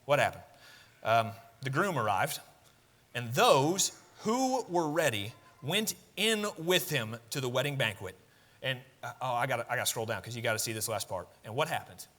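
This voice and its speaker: A man's voice: medium pitch, very animated, moderate pace, fairly bright tone, long reverb tail. A man preaching a sermon, talking conversationally, asking the congregation questions and building to emphatic peaks. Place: church sanctuary.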